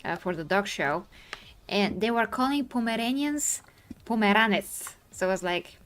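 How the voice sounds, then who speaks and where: A woman from Bulgaria with a Bulgarian accent, chatting excitably while streaming a game. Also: medium pitch, moderate pace, slight background noise. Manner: excitable, bursts of laughter and sound effects. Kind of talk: casual gaming stream chat.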